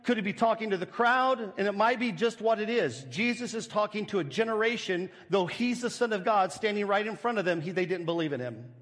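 A man with a high, light voice preaches to his congregation, explaining a scripture passage. He leans on rhetorical questions and acts out little scenes. His words ring out with a long reverb, as in a large hall. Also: expressive, brisk, few pauses, a bit bright. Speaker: pastor. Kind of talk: sermon.

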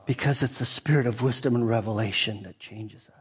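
In a large hall, a middle-aged pastor preaches a fervent sermon, his voice climbing to loud, high peaks and then dropping to soft, intimate tones. He talks a little fast, with a breathy edge.

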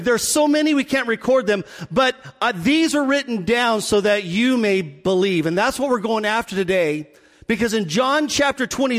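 A man preaching a sermon, telling the story in an animated way and acting out the people in it. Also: very high voice. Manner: animated storytelling, acts out voices. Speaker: pastor. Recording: long hall reverb.

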